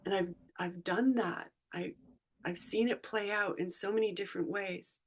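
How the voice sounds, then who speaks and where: A woman's voice: medium pitch, steady tone. A woman in a reflective conversation over a video call, thinking aloud and searching for her words. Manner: slow, thoughtful, searching for words. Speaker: joy research facilitator.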